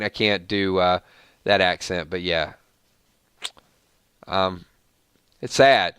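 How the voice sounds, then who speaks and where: Bright, crisp-voiced male stream host. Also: sits low, takes it slowly, long pauses, no echo. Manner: rattles off long lists of viewer names and thanks. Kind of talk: casual live stream chat.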